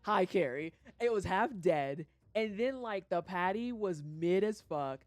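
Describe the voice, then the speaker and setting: Brief: woman streamer from St. Louis, profane animated rant, very expressive pitch. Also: unhurried, no echo, faint music behind. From St. Louis, USA. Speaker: livestreamer. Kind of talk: casual rant on a gaming stream.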